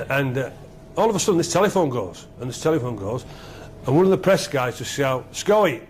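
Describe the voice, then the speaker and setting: A middle-aged man, a former rugby captain being interviewed, telling stories excitedly and repeating himself. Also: medium pitch, fairly quick, slight background noise. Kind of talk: animated storytelling interview.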